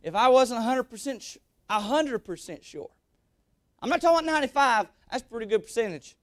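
A man's voice: very high-pitched, lively intonation, fairly quick, no echo, studio quality. A young man preaching a sermon as a guest preacher, emphatic and repeating his lines. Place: church sanctuary.

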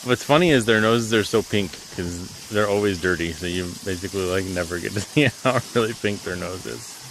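A man's voice: on the low side, a little fast, fairly bright tone, rough recording. A man homesteader chatting casually and fondly to his pigs outdoors on a farm, using doting baby talk. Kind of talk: casual vlog chat with animals. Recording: outdoor farm noise and animals.

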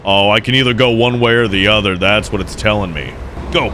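A young man giving jokey, excitable let's play commentary as he plays, cheering on his fish and breaking into shouts. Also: fairly low pitch, fairly quick, a little hiss or hum. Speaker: gameplay commentator.

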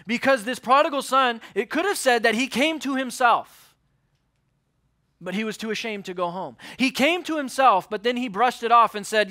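A young man preaching a sermon to a youth group in earnest, acting out the quotes and dropping to a hush on key words. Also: high voice, normal speed. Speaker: youth pastor. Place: church youth service.

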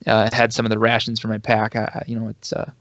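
A man's voice: fairly low pitch, monotone, quick pace, fairly bright tone, no room sound. A man playing a tabletop game, talking in a stammering way with repeated words. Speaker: player. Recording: dry, dull lo-fi audio.

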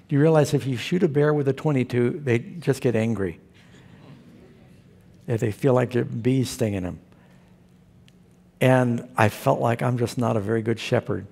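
Gravelly, husky preacher man. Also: mid-range voice, fairly even intonation, normal speed, pauses often, a little mellow. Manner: folksy storytelling preacher. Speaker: pastor. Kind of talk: sermon.

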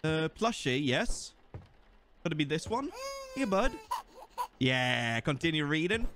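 This young Swedish man, a gaming YouTuber, speaks slowly in a voice on the high side over a noisy background. His let's-play commentary is animated and joking, and he chats to the game as he plays.

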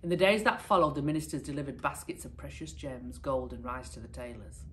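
Teacher reading a picture book aloud; low, expressive woman's voice. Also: fairly quick, slight background noise. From United Kingdom. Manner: expressive, lively storytelling. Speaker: primary school teacher.

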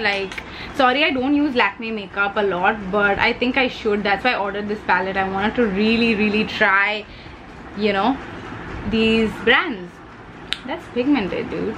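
A young woman with an Indian English accent talks through her makeup routine in a loose, chatty vlog way. Her voice sits a little high, and she mixes in Hindi words. A faint hum of room noise sits behind her. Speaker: beauty vlogger. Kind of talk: casual chat while doing makeup.

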